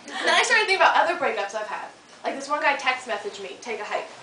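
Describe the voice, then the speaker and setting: A high-voiced American woman works a comedy club stage, her pitch leaping all over as she chats and teases the crowd. She is heard from some distance in an echoey club, with audience laughter rising behind her. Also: big pitch swings, fast, very noisy. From United States. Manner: chatty, crowd-teasing, playful with silly voices. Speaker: stand-up comedian. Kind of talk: stand-up comedy set.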